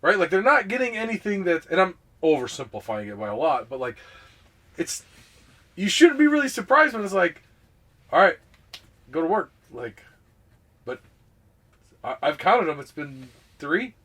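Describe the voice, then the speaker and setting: Rambling higher-voiced podcast man. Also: normal speed, long pauses. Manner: rambling, animated, with many restarts and fillers. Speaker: podcast co-host. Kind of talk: casual podcast chat.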